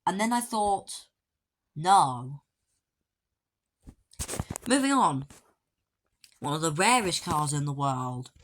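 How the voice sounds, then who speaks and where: A woman's voice: low voice, big pitch swings, unhurried, a bit bright, slight background noise. A woman giving a casual walkthrough commentary of a video game, with dry, offhand joking asides. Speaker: gaming video creator.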